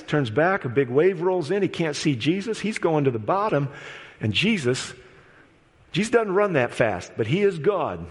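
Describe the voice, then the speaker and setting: A man preaching an evangelistic sermon in an auditorium, moving between loud storytelling and hushed appeals. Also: fairly high pitch, very animated, normal speed, husky. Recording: long hall reverb.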